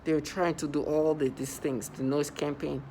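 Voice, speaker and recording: A man's voice: a little high, flat delivery, normal speed, dark tone, a little hiss or hum. A man in a rambling, scornful monologue to his viewers, repeating himself and breaking into mocking laughter. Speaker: vlogger. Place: New York City.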